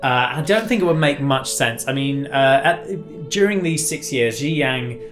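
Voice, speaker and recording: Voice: mid-range voice, animated, unhurried, music in the background. A podcast host, telling a history story in a casual, chatty way with fillers and laughs. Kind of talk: casual chat.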